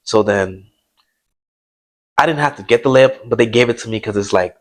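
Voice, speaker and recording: A man's voice: medium pitch, moderate pace. A young man telling a sports story in casual chat, laid-back, full of fillers. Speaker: podcast host.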